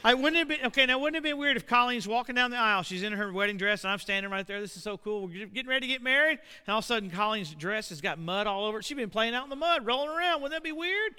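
A middle-aged man preaching a sermon, animated and building to shouts. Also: very high voice, rapid-fire, few pauses, clear, resonant tone. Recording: long reverb of a hall.

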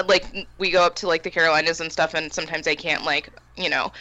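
A woman's voice: deep voice, fairly even intonation, quick pace, hardly any pauses, bright, forceful tone, dull audio, a little hiss or hum. A woman co-hosting a casual movie podcast, chatty and full of "like" and "you know.". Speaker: podcast co-host.

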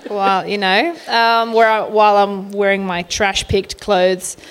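A woman's voice: mid-range voice, a little slow. Chatty woman telling funny stories. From Australia. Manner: chatty, laughing, animated anecdotes. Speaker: author guest. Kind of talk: casual storytelling on a panel.

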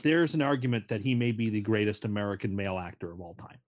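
A man's voice: on the low side, animated, quick pace, darkish tone. A man co-hosting a casual podcast, earnestly and stubbornly defending his opinions. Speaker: podcast co-host.

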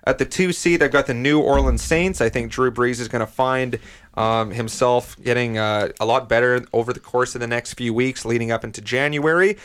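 A man's voice: mid-range voice, moderate pace, fairly bright tone, clear, resonant tone. Argumentative man breaking down standings. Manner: argumentative, lays out standings step by step. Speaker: sports podcast host. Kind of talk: casual sports debate.

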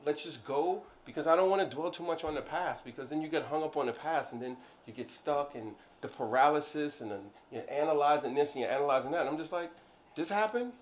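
Man, on the higher side, playful and rambling business co-host, casual chat. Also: quick pace, few pauses. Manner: rambling, playful, many "like, I don't know"; animated, jumps high when joking.

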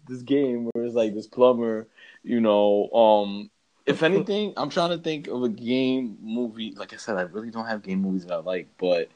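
Laid-back rambling man, low voice. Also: normal speed, a little mellow. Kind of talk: casual chat.

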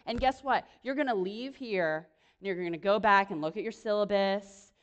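A young woman speaking to a room, giving a lively, chatty sermon full of quick self-deprecating asides. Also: medium pitch, dull audio. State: pregnant. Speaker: speaker at a church or campus gathering. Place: room with an audience.

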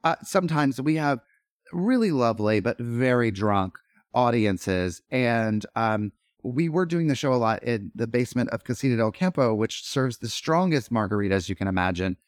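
A middle-aged man, an actor and podcast guest, telling stories in animated, rambling chat full of fillers and restarts. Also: medium pitch, moderate pace, dry recording, studio quality. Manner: animated, lots of fillers and self-interruptions. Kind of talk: casual storytelling chat.

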